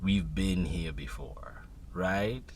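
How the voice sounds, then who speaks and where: A man's voice: sits low, slow pace, a little hiss or hum. A man voicing his own inner critic, scornful and doubting. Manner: flat, scornful.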